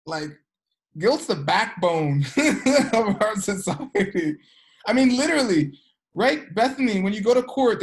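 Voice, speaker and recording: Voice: big pitch swings, unhurried. An energy work teacher giving a casual class, chatty and peppered with filler words, acting out characters in the stories. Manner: chatty, peppered with "like" and "you know"; acts out characters with sudden pitch jumps. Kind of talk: casual class talk with storytelling.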